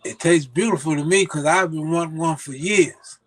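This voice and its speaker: A man's voice: fairly high pitch, normal speed. An older man telling stories as an interview guest, acting out the voices of the people he quotes. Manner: animated, acts out quoted voices. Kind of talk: storytelling in casual conversation.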